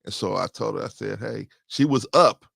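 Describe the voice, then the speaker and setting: Gravelly-voiced man telling a story. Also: fairly low pitch, normal speed, a bit bright, dry recording. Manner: storytelling, acts out quoted dialogue; repeats phrases for emphasis. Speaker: host. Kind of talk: casual monologue to camera.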